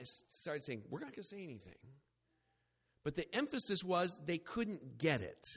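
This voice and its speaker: A man preaching a sermon, animated and joking at his own expense, slipping into quoted voices. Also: high-pitched, long reverb tail. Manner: animated, acts out quoted voices, self-deprecating jokes. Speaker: pastor.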